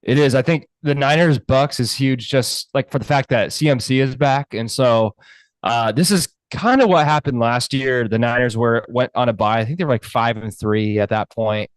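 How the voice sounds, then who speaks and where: A man co-hosting a sports podcast, chatting about football in a relaxed way with plenty of fillers. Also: medium pitch, normal speed, smooth, no echo. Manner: relaxed, lots of fillers and likes. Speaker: podcast co-host. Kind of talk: casual sports chat.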